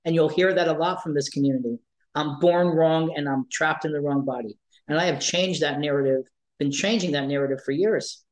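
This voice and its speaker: A man's voice: a little high, fairly quick, rough recording. A man, a life coach, telling stories in an interview, emphatic and repeating key phrases for weight. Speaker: life coach for trans and non-binary youth. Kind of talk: conversational interview storytelling.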